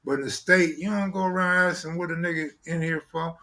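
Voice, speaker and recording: Casting: man with a high voice, co-host of a casual live talk stream, loose slangy delivery. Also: steady tone, a little fast, pushed and bright. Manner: loose street slang, repeats "you know what I'm saying". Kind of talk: casual chat.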